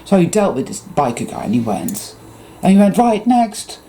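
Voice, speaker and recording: An English man rants through a casual vlog story, swearing often and mimicking the people he meets. His voice is dark and mellow, yet the pitch swings about freely as he tells it. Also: fairly quick, slight background noise. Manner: profane, animated storytelling. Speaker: vlogger. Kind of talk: casual ranting monologue.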